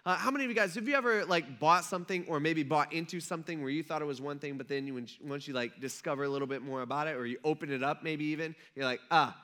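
Bright-voiced conversational male pastor. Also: fairly high pitch, quick pace, hardly any pauses. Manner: conversational storytelling preacher, acting out crowd voices. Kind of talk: sermon.

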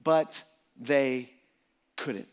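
A man's voice: mid-range voice, steady tone, extremely slow, clear, resonant tone, voice pushed down. A man voicing a desperate father pleading urgently for help with his son, in a sermon.

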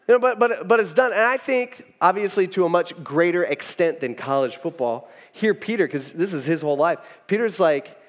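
This pastor has a high, animated, slightly bright voice and preaches at normal speed with few pauses. His sermon is informal and rambling, full of "you know" asides and restarts, and the sound carries the feel of a large hall.

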